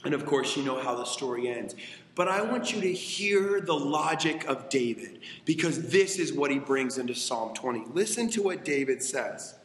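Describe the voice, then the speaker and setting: A man preaching a sermon, telling a story with animated voices, in a church with echoey hall reverb. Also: mid-range voice, moderate pace, a little hiss or hum. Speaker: pastor.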